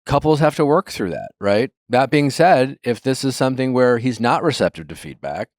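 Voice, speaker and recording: A man hosting a podcast, chatting casually and giving advice to a caller, with lots of fillers and quiet trailing asides. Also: medium pitch, expressive, moderate pace, dry recording, studio quality. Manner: conversational, hedging with fillers, trails off quietly when quoting.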